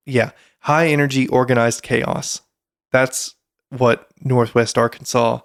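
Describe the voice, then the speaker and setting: A man's voice: medium pitch, gravelly, no echo, studio quality. A man, co-hosting a casual podcast, rambling with fillers and restarts. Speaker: podcast co-host.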